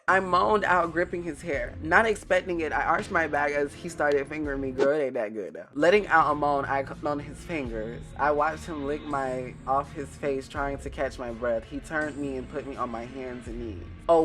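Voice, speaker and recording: Over music, a man with a slightly high voice reads fanfiction aloud at a moderate pace, dramatically and comedically. He's animated, reacting with exaggeration, laughing often, and breaking off into sassy asides.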